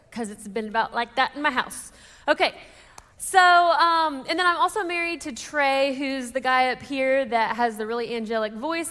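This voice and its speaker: A woman's voice: high-pitched, bright, forceful tone. A woman in her thirties with a Texan accent, telling a chatty, self-deprecating personal story to a church audience and asking them questions. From Texas. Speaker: speaker at a church women's event. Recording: reverberant church hall.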